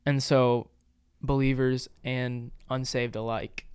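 Earnest man explaining scripture, smooth voice. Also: medium pitch, flat delivery, slow pace, a little mellow, no room sound, clean studio sound. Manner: earnest, explanatory, with frequent fillers. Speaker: podcast co-host. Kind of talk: casual Bible discussion.

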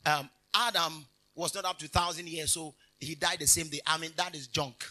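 A man's voice: fairly high pitch, fairly even intonation, normal speed, pushed and bright, poor audio. A man preaching a conversational sermon, emphatic and jokey, breaking off with hallelujahs and laughter. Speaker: minister. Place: convention hall.

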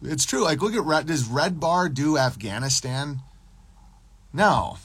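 A man's voice: fairly high pitch, lively intonation, measured pace, fairly bright tone, slightly rough, dry recording. A man talking loosely and profanely on his podcast livestream, rambling between topics and answering chat messages. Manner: profane, loose, rambling, drops into mocking impressions. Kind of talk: casual rambling livestream monologue.

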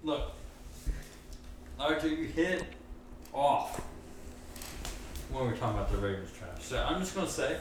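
A man's voice: medium pitch, sing-song, a little slow, pauses often, far from the mic, noisy background. A man on a podcast keeps butting in with teasing remarks, his voice rising and falling a lot as he talks. His voice comes across with a roomy, echoey sound. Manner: teasing interjections. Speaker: podcast guest. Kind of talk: casual podcast chat.

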